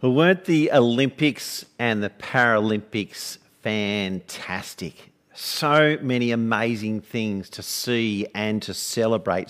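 A man with an Australian accent preaching a sermon in a lively, rhetorical way, playing with his congregation. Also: medium pitch.

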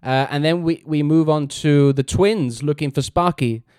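Man with a smooth, dry, slightly high voice. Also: moderate pace, no room sound. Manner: animated, acts out characters' lines. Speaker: podcast co-host recapping a TV episode. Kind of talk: casual chat.

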